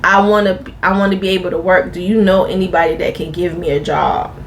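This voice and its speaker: A woman voicing a pleading man down on his luck, with her voice a little lower and faster. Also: steady tone, slight background noise, close to an everyday voice.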